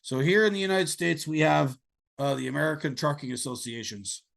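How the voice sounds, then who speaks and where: A man's voice: on the high side, fairly quick, vocal fry, a bit bright. A man from Canada hosting a podcast interview, blunt and opinionated as he talks. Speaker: podcast host. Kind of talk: conversational interview.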